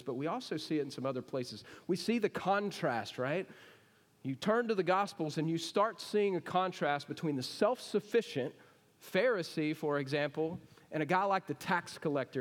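A pastor preaching, his voice sitting a touch high for a man. He keeps it conversational and keeps asking the congregation questions. The sound carries the long reverb of a church hall. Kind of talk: sermon. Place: church sanctuary.

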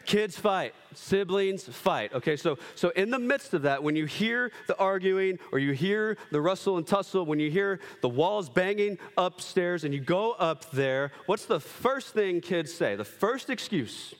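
Animated man preaching in a reverberant hall. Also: sits high. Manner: animated, acts out kids and himself in quick bits. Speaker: pastor. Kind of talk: sermon.

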